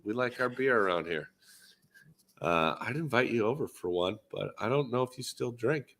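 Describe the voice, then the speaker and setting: Bright-voiced Minnesotan man, laid-back. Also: medium pitch, animated, normal speed. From Minnesota, USA. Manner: laid-back, rambling, jokey. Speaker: dent repair technician. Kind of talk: casual podcast chat.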